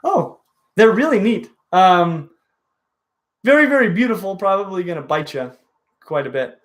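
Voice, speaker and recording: A man's voice: high-pitched, animated. Eager man hosting a reptile livestream. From dry western region. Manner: enthusiastic, halting restarts, shouts catchphrases. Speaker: reptile show host. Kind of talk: casual livestream chat.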